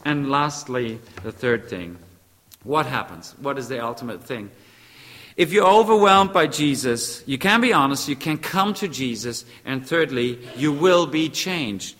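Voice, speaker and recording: Preacher in a reverberant hall. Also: male voice, medium pitch, lively intonation, a little slow, fairly bright tone. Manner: emphatic, repeats short phrases, sometimes searches for English words. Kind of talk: sermon.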